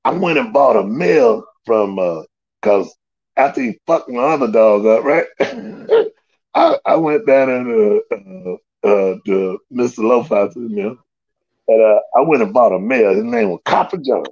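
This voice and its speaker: A man tells stories in loose, slangy casual talk, his voice gravelly and swinging widely in pitch. The sound is dry and a bit dull, like a lo-fi recording. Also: measured pace, dry recording. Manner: animated, loose slangy storytelling with big pitch jumps and laughs. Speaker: guest storyteller. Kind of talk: casual storytelling.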